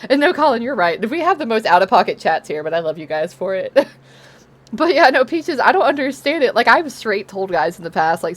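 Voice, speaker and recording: A woman's voice: fairly high pitch, sing-song, brisk. A young woman streamer chatting casually while gaming, laughing often, teasing and swearing.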